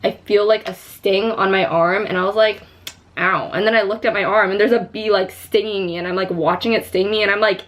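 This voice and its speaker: A young woman vlogs from home, chatting casually through a story and peppering it with "like" and "you know," even re-enacting her own screams. Her mid-range voice is steady and fairly bright, and she talks fairly quickly over slight background noise.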